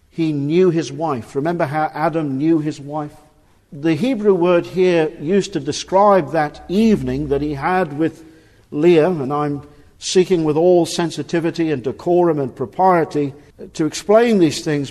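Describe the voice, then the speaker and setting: A male preacher delivering a sermon with earnest emphasis, pressing his listeners with rhetorical questions. His voice sits a little high for a man and rings out in the long reverb of a church hall. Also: darkish tone.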